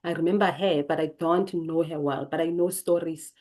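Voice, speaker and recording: A woman's voice: low voice, fairly even intonation, moderate pace, darkish tone. A South African woman in her late forties, hosting her channel and sharing family memories in a thoughtful, digressive way, reading lines from her notes and then commenting on them. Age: late 40s. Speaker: channel host. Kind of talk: reflective personal storytelling from notes.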